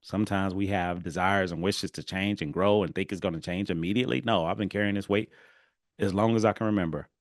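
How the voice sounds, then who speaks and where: A man hosting a solo podcast, telling his story with lively swings that fall to low, quiet emphasis. His voice sits on the deeper side, recorded close and dry with no room around it. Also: brisk, no echo. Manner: animated, acts out dialogue, drops low and quiet for emphasis. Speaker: podcast host.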